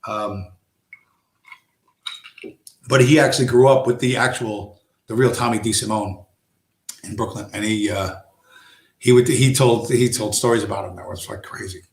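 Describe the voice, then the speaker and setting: Hosting a casual live stream, a man rambles through stories, swearing and acting out quoted tough-guy lines. His voice is on the low side and steady, at a moderate pace with long pauses, and the recording sounds roomy.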